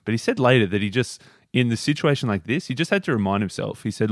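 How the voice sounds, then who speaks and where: A man's voice: medium pitch, expressive, fast talker, dry recording, studio quality. A man co-hosting a podcast, retelling anecdotes in an easygoing, casual way. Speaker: podcast co-host. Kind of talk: casual book discussion.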